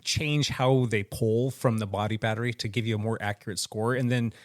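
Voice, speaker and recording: A man co-hosting a podcast, quick and chatty in casual conversation. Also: on the low side, fairly even intonation, dry recording, studio quality. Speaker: podcast co-host. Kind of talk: casual chat.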